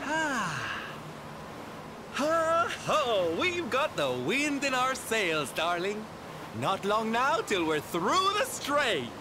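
A man's voice: very high voice, wildly swooping pitch, drawn-out words, background noise, full character voice. An actor playing a flamboyant, affectionate man in a video game who calls everyone darling in a theatrical way. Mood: breezy. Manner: theatrical and doting. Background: game music.

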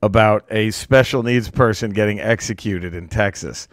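A man's voice: moderate pace, no room sound. A man co-hosting a podcast, telling a comedy road story in a loose, casual way. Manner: animated, laughing storyteller who breaks into squeaky laughter.

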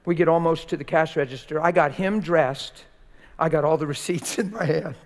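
An older preacher man tells a story from the pulpit in loose, colloquial speech, acting out every exchange. His voice sits somewhat high for a man. The church hall adds a long, trailing reverb. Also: moderate pace. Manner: colloquial, animated, acts out quoted dialogue. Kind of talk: sermon storytelling. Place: church sanctuary.

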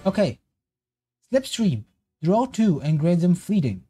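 A man's voice: high-pitched, measured pace, slightly rough, no echo, soft background music. A man streaming a casual reaction to game cards, rambling and correcting himself as he goes. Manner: rambling, self-correcting, excitable tangents.

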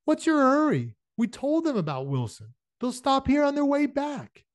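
A man's voice: extremely high pitch, huge pitch swings, moderate pace, no echo, pitched above the performer's own voice, exaggerated voice. An impatient homesteader grumbles in a voice pushed well above normal speech, as a man reading a novel aloud puts him on. The complaining tone rises sharply, and the sound is dry and close. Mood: grumbling.

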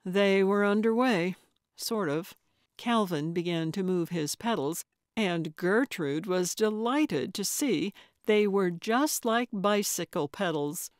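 A woman reads a cozy mystery audiobook at a slow, unhurried pace, measured and even. The studio recording is dry and close, with no room sound at all. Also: mid-range voice, no room sound. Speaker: audiobook narrator. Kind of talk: scripted audiobook narration.

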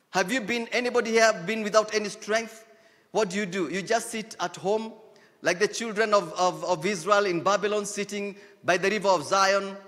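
Male Kenyan pastor, high-pitched, emphatic sermon delivery, long church-hall reverb. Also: fairly bright tone. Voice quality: emphatic preaching, repeats key lines, switches into Swahili phrases.

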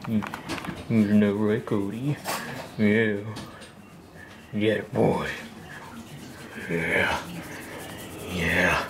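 A man vlogging as he talks to his dog in soft, doting baby talk that often drops to a half-whisper, picked up by a camera microphone. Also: lowish voice, drawn-out words, creaky, pauses often. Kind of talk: casual vlog talking to his dog. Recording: noisy home video recording.

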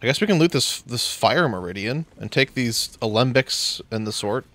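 A man's voice: mid-range voice, animated, moderate pace, a bit bright, no echo. A man chatting casually while playing a game, joking around and reading game text aloud. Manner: jokey, rambling, reads in-game text aloud. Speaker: gamer playing a video game. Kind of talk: casual gameplay chat.

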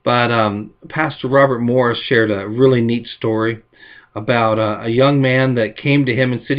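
A man preaching a sermon as pastor, telling stories and acting out quotes with lively emphasis. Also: mid-range voice, moderate pace, muffled recording.

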